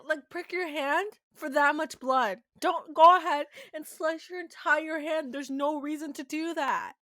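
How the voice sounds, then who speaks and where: A woman's voice: high voice, fairly even intonation, unhurried, sharp tone, dry recording. A woman from New York co-hosting a podcast, speaking bluntly and sarcastically in casual chat. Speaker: podcast co-host.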